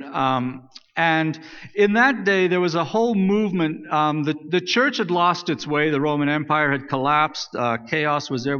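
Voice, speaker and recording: A man's voice: on the high side, a bit bright. A man preaching a sermon as pastor, speaking conversationally and reading scripture aloud, often restarting his phrases. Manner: conversational, self-correcting, reads scripture aloud. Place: church sanctuary. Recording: dull sound with long church reverb.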